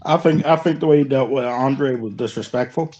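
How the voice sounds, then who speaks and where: A man on a podcast panel, giving a measured, hesitant opinion. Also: medium pitch, a little mellow, muffled recording. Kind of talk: casual chat.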